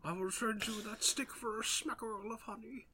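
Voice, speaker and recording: A man voicing a gentle, honey-loving male bear in a soft, hushed tone. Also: sits high, steady tone, moderate pace, husky, pitched above the performer's own voice, full character voice. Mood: mild dismay.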